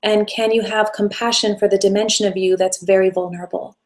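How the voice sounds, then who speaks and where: Woman teaching live online, soft coaching tone, long run-on sentences, slows down for breathing bits. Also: mid-range voice, little pitch movement. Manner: gentle, coaching, speaks in flowing run-on phrases. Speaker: self-help teacher hosting a live session. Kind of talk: live-stream teaching, answering viewer questions.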